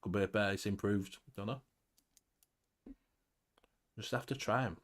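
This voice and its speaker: A man's voice: fairly low pitch, a little slow. A British man hosting a casual group chat, blunt and sweary, laughing often. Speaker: show host.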